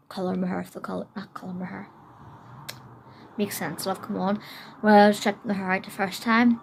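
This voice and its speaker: Chatty woman with vocal fry. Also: mid-range voice. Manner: rambling, self-deprecating, many fillers. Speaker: beauty vlogger. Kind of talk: casual vlog chat. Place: at home.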